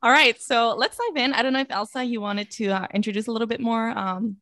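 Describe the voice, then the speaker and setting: A woman's voice: fairly high pitch, fairly even intonation, quick pace. A woman co-hosting a podcast, chatty and bubbly, often laughing at herself as she introduces guests. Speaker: podcast co-host. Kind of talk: casual podcast chat.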